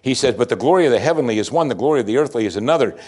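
Male preacher, mid-pitched voice, lively delivery, plain-spoken sermon style. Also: racing. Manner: animated, swings from loud emphatic to low and quiet, rhetorical questions.

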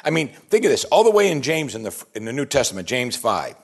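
Lively, husky-voiced male preacher. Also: mid-range voice, a little fast. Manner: animated, asks the audience many rhetorical questions. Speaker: pastor. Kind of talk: sermon.

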